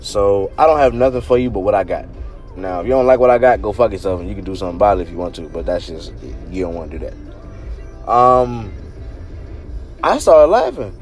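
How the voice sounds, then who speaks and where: A man hosting a podcast, telling a story casually with lots of swearing and animated laughter. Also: lowish voice, fairly quick, soft background music. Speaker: podcast host.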